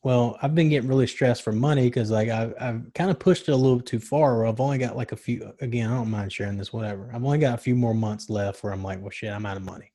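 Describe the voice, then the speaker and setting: A young man in casual chat, telling stories in a rambling, excited way with slang and swearing. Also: mid-range voice, fast, few pauses. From Charlotte, North Carolina area.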